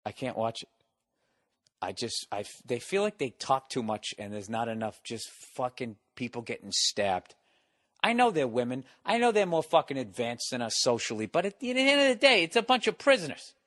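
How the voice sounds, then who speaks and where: A man's voice: medium pitch, big pitch swings, moderate pace, fairly bright tone, no echo. A man hosting a podcast from his home, delivering a profane, exasperated solo rant. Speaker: podcast host. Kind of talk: solo ranting monologue.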